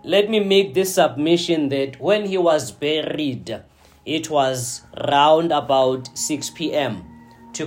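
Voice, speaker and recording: A man preaching a sermon, slow and deliberate, often checking in with his listeners. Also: on the high side. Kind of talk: sermon teaching.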